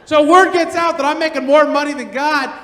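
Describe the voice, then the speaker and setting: Comic in his 30s, very high voice, animated storyteller, roomy theater reverb, faint room noise. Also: brisk. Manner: animated storytelling, shouting punchlines. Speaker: stand-up comedian. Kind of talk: stand-up set. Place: large theater on stage. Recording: echoey theater with long reverb. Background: audience laughter.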